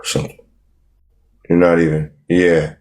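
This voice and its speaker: A man's voice: sits low, level tone, slow pace, a little mellow. A man hosting a live stream, talking down to callers in a combative, lecturing way and repeating his points. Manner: dismissive, lecturing, repeats himself. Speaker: livestream host.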